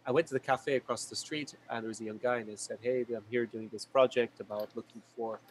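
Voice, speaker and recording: A man's voice: mid-range voice, steady tone, slight background noise, low-quality recording. A man who is a language YouTuber, telling travel stories with enthusiasm in a casual video call chat. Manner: fast, enthusiastic storytelling.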